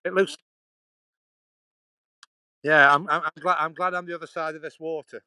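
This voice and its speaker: A middle-aged man from England, speaking in a Stoke-on-Trent Potteries accent that drops H's, chats and laughs with live-stream viewers while walking outdoors along a canal, phone in hand. He rambles and restarts phrases. His voice sits on the high side, bright, forceful, clear and resonant, with fairly even intonation at normal speed; there's no echo, but the audio is poor.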